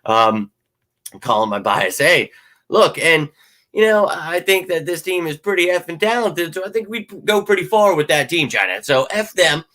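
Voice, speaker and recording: Hyped, rowdy man with a forceful voice. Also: fairly high pitch, expressive, normal speed. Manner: hyped, rowdy and profane, swings loud. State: voice worn from shouting at a game. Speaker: sports fan show host. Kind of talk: casual live-stream chat.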